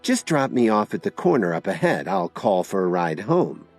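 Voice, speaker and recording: A man narrating an audiobook and voicing a quiet, reserved young woman. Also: deep voice, big pitch swings, faint music behind. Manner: quiet, slow.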